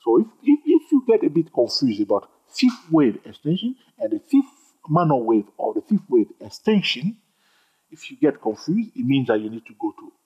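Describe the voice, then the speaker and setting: A man with a husky voice teaching a trading chart tutorial, animated, repeating himself and joking with viewers. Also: fairly high pitch, moderate pace, muffled recording. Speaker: trading instructor. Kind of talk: screen-recorded chart tutorial.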